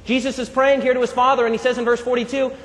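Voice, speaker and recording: High-voiced man preaching in a hall. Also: fast. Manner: animated, call-and-response with congregation. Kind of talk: live sermon. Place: large hall with audience. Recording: long hall reverb.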